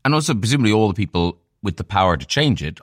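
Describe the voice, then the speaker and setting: A man's voice: on the low side, sing-song, fast, dry recording, clean studio sound. A man hosting a book podcast, asking chatty, playful interview questions. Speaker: podcast host.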